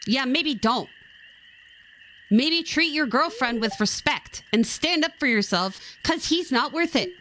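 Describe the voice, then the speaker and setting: A woman streamer giving casual game commentary in an animated, sarcastic way, with plenty of swearing. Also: sits high, a little slow, a little hiss or hum.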